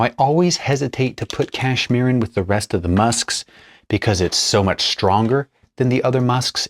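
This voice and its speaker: Deep-voiced man talking through a hands-on demo. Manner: thinks aloud while working, chatty asides. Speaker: perfumer demonstrating a blend. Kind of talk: casual hands-on tutorial narration.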